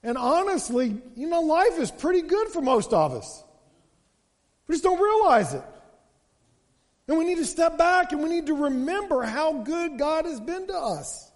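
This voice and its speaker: A man's voice: very high voice, sing-song, moderate pace, hardly any pauses, in a large hall. A pastor preaching a sermon, often repeating his opening words as he starts a sentence.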